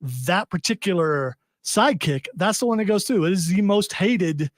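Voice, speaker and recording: A male radio host rambles through a casual chat, cracking jokes at his own expense. His voice sits a bit high and sounds dry and close. He keeps things loose and talky. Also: lively intonation, normal speed, dry recording. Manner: jokey, rambling, self-deprecating. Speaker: radio host running the show.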